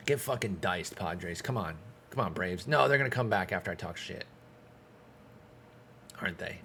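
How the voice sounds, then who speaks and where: A man's voice: low voice, lively intonation, normal speed, vocal fry, sharp tone, slight background noise. A man streaming a baseball management game, giving casual commentary in a frustrated, sarcastic way and swearing often.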